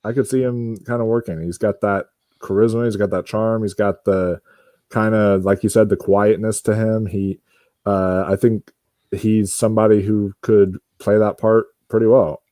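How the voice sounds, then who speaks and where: A man on a casual panel chat, animated and dropping into quick impressions. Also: on the low side, dry recording, clean studio sound.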